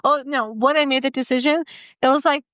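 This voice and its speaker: A young adult woman co-hosting a podcast, chatting casually and telling stories in an animated way, acting out her own reactions. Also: high-pitched, brisk, dry recording. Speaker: podcast co-host. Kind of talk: casual chat.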